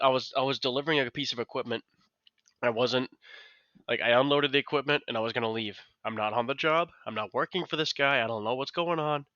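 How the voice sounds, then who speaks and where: Podcast co-host, male, bright edge, dry close mic with a slightly dull sound; animated, candid storyteller. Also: medium pitch, dry recording. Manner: animated storytelling, swearing freely. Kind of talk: casual chat.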